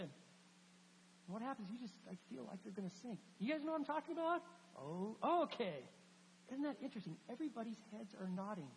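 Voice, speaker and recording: A pastor giving a lively sermon to a congregation, acting out scripture and joking with the listeners. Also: mid-range voice, fairly quick. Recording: long hall reverb, faint hum.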